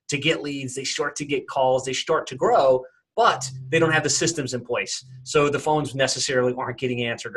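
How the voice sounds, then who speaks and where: A man's voice: medium pitch, a bit bright, slightly rough. A man hosting a podcast, earnestly introducing his guest, with a lot of filler words and restarts. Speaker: podcast host. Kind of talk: interview introduction.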